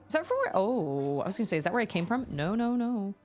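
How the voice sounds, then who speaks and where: Brief: animated woman streamer, casual rambling chat, faint game music behind. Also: medium pitch, quick pace. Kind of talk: casual chat while gaming.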